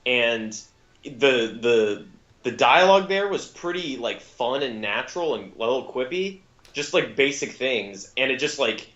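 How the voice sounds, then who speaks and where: A man's voice: medium pitch, animated, measured pace, fairly bright tone. Rambling male co-host on a dull lo-fi mic. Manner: rambling, many fillers and self-corrections. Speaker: podcast co-host. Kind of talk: casual podcast film review chat.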